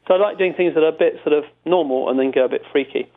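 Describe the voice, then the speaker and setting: This British comedy writer, known for prank calls, talks casually in an interview, amusing himself with rambling stories full of restarts. He speaks rapid-fire in a slightly high voice, and the audio has a tinny phone-line quality.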